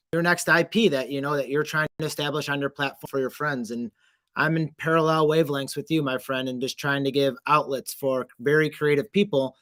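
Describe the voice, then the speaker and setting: A man's voice: fairly high pitch, a bit bright, no room sound. A man hosting a casual online chat, upbeat and effusive as he hypes his guests. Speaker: host.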